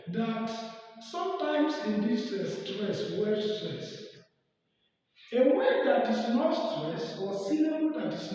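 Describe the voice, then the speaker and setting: A man teaching an online lesson, emphatic and drawn-out, asking the class rhetorical questions. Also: high voice, darkish tone. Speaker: English teacher. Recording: echoey room, mic at a distance, faint music.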